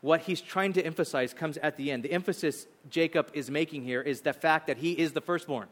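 A male pastor preaching a sermon, retelling a story in an animated, conversational way. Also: a little high, a little fast, hardly any pauses. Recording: long hall reverb.

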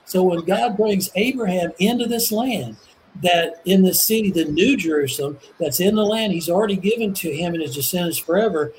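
High-pitched male Bible teacher, earnest and excitable, halting restarts, faint room noise. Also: low-quality recording. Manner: earnest, enthusiastic, restarts and repeats words. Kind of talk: casual religious discussion.

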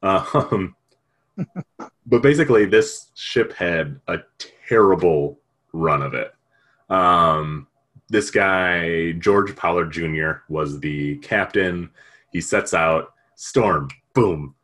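A man's voice: low-pitched, takes it slowly, a bit bright. A man retelling a story in casual chat, rambling and jokey, with lots of fillers.

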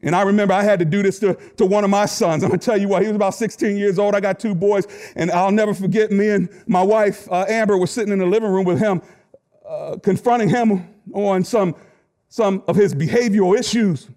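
High-voiced, animated preaching man. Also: a little fast. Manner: animated storytelling preacher, rising to shouts. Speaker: pastor. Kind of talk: sermon.

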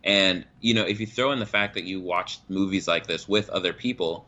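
Brief: male co-host, deep but bright voice, laid-back explaining. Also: fairly quick, muffled recording. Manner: relaxed, explains with examples and "you know". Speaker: podcast co-host. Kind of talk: casual chat.

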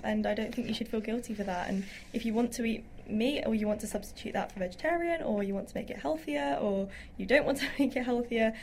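A woman's voice: a little high, slight background noise. A woman guest on a live radio show, talking in an easy, earnest way. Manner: earnest, relaxed, thoughtful. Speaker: studio guest. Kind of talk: casual chat.

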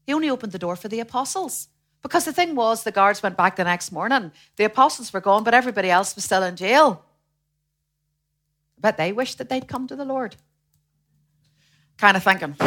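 A woman preaching a sermon in a lively way, acting out the voices of the people she quotes. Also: mid-range voice, a little fast, pauses often. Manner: animated, acts out quoted voices.

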